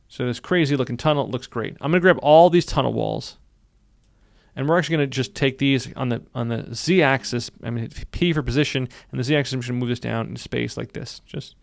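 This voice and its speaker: A man walks through a software tutorial at a brisk clip, his voice gravelly. He is upbeat and says many lines twice as he clicks along. The sound is dry and close, with no room around it. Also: mid-range voice, dry recording. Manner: upbeat, repeats phrases while narrating clicks. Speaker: software instructor. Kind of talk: screen-recorded tutorial.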